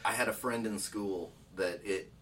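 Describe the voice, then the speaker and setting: A man's voice: fairly low pitch, normal speed, fairly bright tone, distant mic, a little hiss or hum, rough recording. A man from the United States co-hosting a podcast, trading crude, laughing banter full of swearing. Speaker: podcast co-host. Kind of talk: casual chat.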